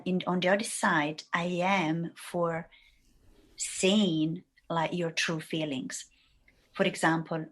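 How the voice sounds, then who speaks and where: A woman guest on a podcast who talks in a rambling way and acts out the thoughts she quotes. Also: lowish voice. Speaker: guest, writing mentor. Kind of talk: casual podcast conversation.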